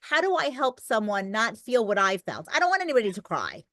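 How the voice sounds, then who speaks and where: A middle-aged woman guest who talks fast and emphatically, telling stories with lots of feeling. Her voice sits a little high. It is recorded close and dry, with no room sound. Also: very animated, a bit bright, no room sound. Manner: talkative, emphatic storyteller. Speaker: podcast guest. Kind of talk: conversational interview.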